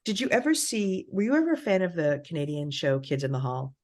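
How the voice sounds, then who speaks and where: A middle-aged woman co-hosting a podcast in casual chat, candid and animated, swearing freely. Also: deep voice, fairly quick. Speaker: podcast co-host.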